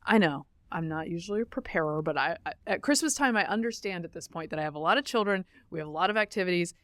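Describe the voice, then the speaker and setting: A woman's voice: on the low side, lively intonation, quick pace, fairly bright tone, no room sound. A middle-aged woman co-hosting a podcast, telling stories in a chatty way, laughing easily and correcting herself. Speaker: podcast co-host. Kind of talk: casual chat.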